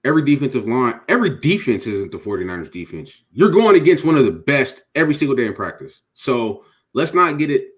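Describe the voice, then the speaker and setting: A man's voice: medium pitch, big pitch swings, fast, few pauses. A man co-hosting a sports podcast, making his points in an emphatic, insistent way. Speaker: podcast co-host. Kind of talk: casual sports talk.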